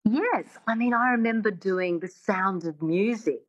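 A woman who works as an accent coach, explaining things in a measured way as a guest on a radio interview. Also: medium pitch, breathy edge, highs cut off.

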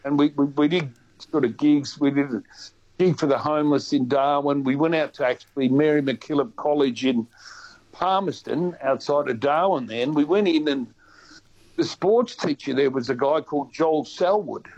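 An Australian man chatting on the radio, with a slightly high voice that keeps restarting its sentences in lively bursts. The sound is dull and lo-fi. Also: moderate pace. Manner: chatty and animated, with many restarts. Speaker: guest. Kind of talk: casual radio chat.

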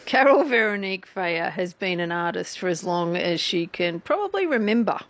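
A woman, presenting a local radio show and interviewing a guest in a brisk, friendly way. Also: lowish voice, big pitch swings. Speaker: radio host.

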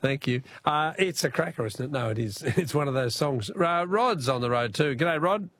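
Chuckling Australian radio host. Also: male voice, on the high side, lively intonation, normal speed, a bit bright, slight background noise. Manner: chuckling, friendly, chatty with callers. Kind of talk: casual talkback radio chat.

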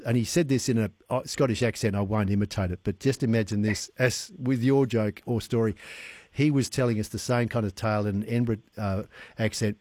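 A man's voice: mid-range voice, fairly quick, darkish tone, dry recording. A middle-aged man, hosting a radio chat and laughing at his own stories. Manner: chatty, cackles at his own story. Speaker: radio host.

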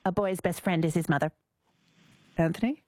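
A woman's voice: lowish voice, moderate pace, warm tone, slight background noise. A woman hosting a radio show, chatting playfully and laughing often. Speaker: radio host. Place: radio studio. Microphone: studio microphone.

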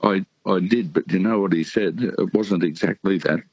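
A caller in his sixties from Australia chats casually on a radio show, his very deep, relaxed voice slightly mellow and husky as he meanders with many ums and pauses. There's no room sound, but the phone line comes across dull and muffled.

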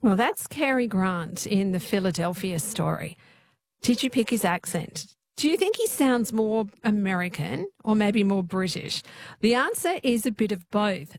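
A woman's voice: medium pitch, creaky. Chatty woman radio host. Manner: chatty, friendly presenting. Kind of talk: casual radio talk. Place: radio studio.

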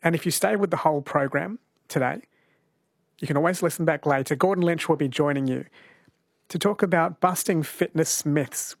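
Male radio host, gravelly, slightly high, friendly and chatty, dry studio sound. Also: no room sound. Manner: friendly, chatty, laughs easily. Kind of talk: radio show hosting. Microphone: studio microphone.

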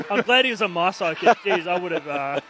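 An Australian man with a high-pitched voice chats as a former player in the commentary box. He tells stories with a laugh, with clear noise behind him. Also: lively intonation, normal speed. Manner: laughing, chatty storytelling. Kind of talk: casual sports commentary banter.

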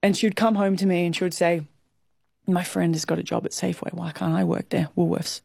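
A woman's voice: lowish voice, level tone, gravelly, mellow, no room sound, studio quality. An Australian woman in her thirties, a guest talking candidly and emotionally in an interview. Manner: candid, emotional, quick to laugh. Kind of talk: interview conversation.

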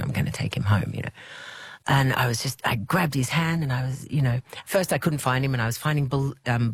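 A woman, an interview guest, telling a personal story in a reflective, halting way, quoting what people said. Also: very deep voice. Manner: reflective, halting, with restarts and quoted dialogue.

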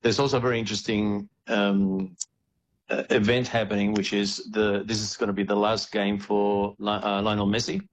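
Halting man with a low voice. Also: little pitch movement, poor audio. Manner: halting, many fillers and restarts. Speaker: guest commentator on Spanish football. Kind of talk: casual radio-style chat.

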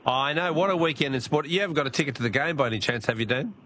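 A man's voice: fairly high pitch, rapid-fire, fairly bright tone, a little hiss or hum. A man hosting a call-in radio quiz, bantering with callers and laughing often.

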